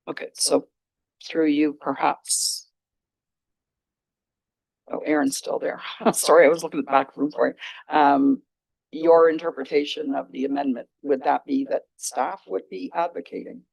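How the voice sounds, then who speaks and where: A male city councillor questions a motion in a council chamber, his voice gravelly and pitched slightly high. He speaks haltingly, stopping and restarting as he works through his point. The sound is dry and close to the desk mic. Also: steady tone, no echo, poor audio. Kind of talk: council debate.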